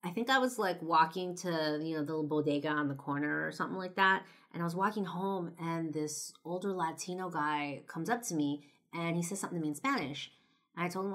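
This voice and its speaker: Speaking briskly in a deep, slightly bright voice, this twenty-something podcast and video host recounts something from her own life. She keeps it casual and chatty, using lots of fillers and the occasional swear word.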